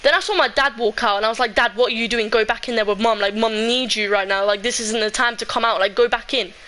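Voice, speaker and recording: A woman's voice: a little high, fairly even intonation, quick pace, pushed and bright, poor audio. A teenage girl telling a sad personal story in a rambling way, full of fillers. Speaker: streamer. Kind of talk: emotional storytelling vlog.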